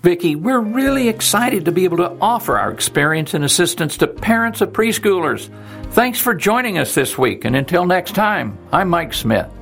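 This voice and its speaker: Gravelly male radio host. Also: high voice, lively intonation, moderate pace, a bit bright, faint music behind. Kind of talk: scripted radio interview.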